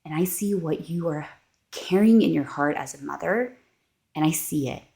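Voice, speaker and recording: A woman quoting the voice of God, speaking calmly and tenderly in repeated reassurances. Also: sits low, moderate pace, vocal fry. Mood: reassuring. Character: God, a gentle reassuring divine voice.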